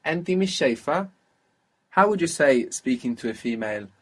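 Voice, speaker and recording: A man's voice: mid-range voice, lively intonation, fast talker, breathy edge. A man teaching a language lesson, patiently prompting his student with questions and repeating the answers.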